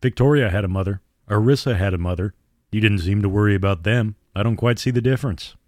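A man voicing a sinister male vampire who speaks in a calm, silky, taunting way. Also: on the low side, fast talker, dry recording, studio quality, lightly acted. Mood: cold taunting.

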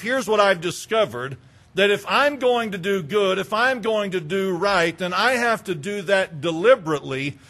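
A man's voice: high-pitched, a bit bright. A man preaching a conversational sermon as a pastor, asking the congregation questions and acting out little everyday exchanges.

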